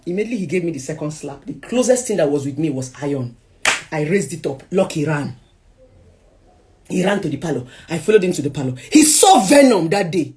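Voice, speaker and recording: A woman's voice: on the low side, big pitch swings, a little fast. Dramatic Nigerian woman telling her story. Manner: dramatic storytelling, swinging from hushed to loud. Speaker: speaker sharing a personal story. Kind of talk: emotional personal testimony.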